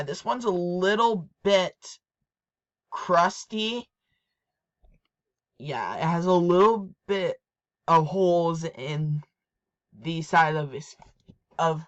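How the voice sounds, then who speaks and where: A woman's voice: fairly low pitch, fairly bright tone. A woman presenting her toy collection in a casual show-and-tell, repeating herself and restarting her sentences often. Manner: repetitive, hesitant, restarts often.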